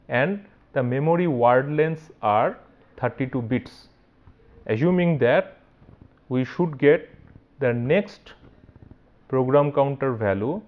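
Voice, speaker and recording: A male university lecturer with an Indian English accent explains technical material one step at a time, often stopping to ask "right?" and restarting his sentences. His voice is slightly high for a man, and the audio is dull and lo-fi.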